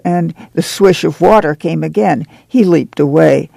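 A man narrating a novel in a steady, measured way. His voice is strongly gravelly and dark, sitting a little above the usual male range. The recording is dry and close. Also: fairly high pitch, no room sound. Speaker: audiobook narrator. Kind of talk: scripted narration.

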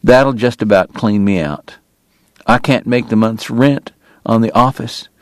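A man voicing a bitter, weary, consumptive male dentist who speaks with slow, quiet precision. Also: mid-range voice, dry recording, lightly acted. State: coughing illness, strained breath.

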